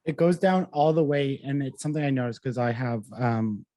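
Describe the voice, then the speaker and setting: Guy hosting a podcast, mid pitch, dry close sound, lots of likes and ums. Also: a little fast, mellow, dry recording. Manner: reflective, hesitant, with many fillers. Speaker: podcast host. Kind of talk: casual podcast interview.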